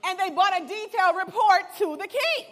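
A woman with a high voice preaches in a relaxed, conversational way. She reads the Bible passage aloud, then retells it playfully in everyday slang. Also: fairly quick. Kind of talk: casual sermon with Bible reading.

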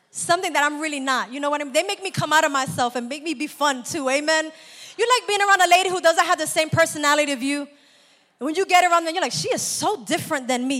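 A woman preaches in a lively, chatty way and laughs often. Her voice sits high and bright, and a long church reverb trails after her words. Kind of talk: sermon.

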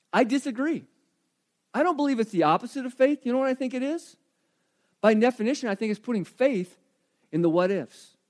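High-voiced man preaching a sermon. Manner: animated, questioning the congregation directly. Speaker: pastor.

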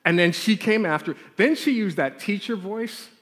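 Guy preaching, tells his story all animated, slightly high voice, long reverb like a big hall. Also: normal speed. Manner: animated storyteller acting out his childhood scenes. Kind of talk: storytelling sermon with prayer.

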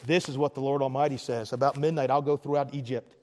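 A man voicing a stern prophet who pronounces judgment slowly and gravely. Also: mid-range voice, fairly even intonation, darkish tone, in a large hall, voice pushed down, close to an everyday voice. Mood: solemn. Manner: slow and grave, then pleading with anger. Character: stern prophet delivering God's doom, male.

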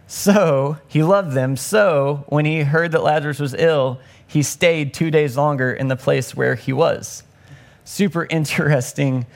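A young man preaching in a relaxed, talky way with a voice that sits a little high. He slips into the voices of the people in the story as he tells it. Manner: conversational, acts out the story's voices with rising pitch. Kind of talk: casual sermon.

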